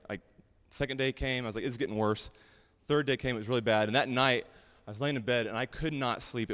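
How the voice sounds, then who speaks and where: A man giving a sermon and sharing personal testimonies in a loose, animated, conversational way full of fillers. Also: mid-range voice. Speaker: pastor. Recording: long hall reverb.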